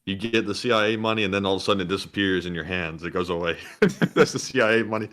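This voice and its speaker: A man's voice: low-pitched, fast, fairly bright tone. A man co-hosting a casual livestream, reading out viewer donations with dry, chuckling asides. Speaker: livestream co-host. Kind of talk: reading super chats on a livestream.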